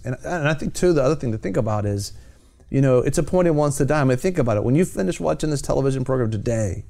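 A man's voice: mid-range voice, creaky, mellow. A man hosting a Christian television program, talking about faith in a fervent, exhorting preacher's cadence. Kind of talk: evangelistic TV talk.

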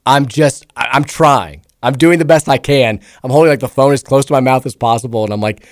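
Hoarse raspy guy hosting sports radio, voice keeps cracking, rambly and self-mocking, dry studio sound. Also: mid-range voice, a little fast, dry recording. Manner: rambling, self-deprecating, animated storytelling. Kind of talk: casual sports radio chat. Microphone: studio mic.

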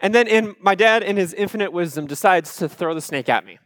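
A man from Iowa, telling a personal story to a live audience in a conversational way, with asides to the crowd and animated retellings of his childhood panic. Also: high voice, a little fast, dry recording, clean studio sound. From Iowa, USA. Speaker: speaker addressing a live audience.

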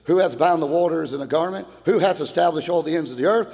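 A middle-aged man, a pastor, preaching an old-time Baptist sermon in a church, going from quiet talk to loud shouted passages. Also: on the high side, fast, few pauses. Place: church hall. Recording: long hall reverb.

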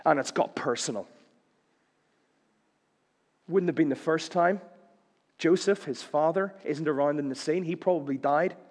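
A man's voice: a little high, a little slow, long pauses, darkish tone, big-room sound. A man preaching a sermon in a conversational way, with wry jokes and questions to the listeners.

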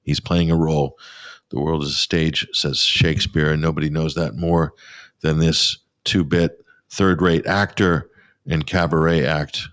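Very deep-voiced male radio host. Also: little pitch movement, measured pace, fairly bright tone, no room sound, clean studio sound. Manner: sarcastic, scornful. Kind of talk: opinionated radio commentary. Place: pop-up studio.

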